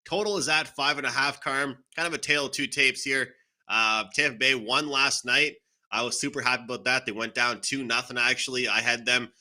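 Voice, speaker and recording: A man's voice: medium pitch, steady tone, a little fast, pushed and bright. A man hosting a sports betting panel, upbeat, turning to each panelist by name. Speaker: show host.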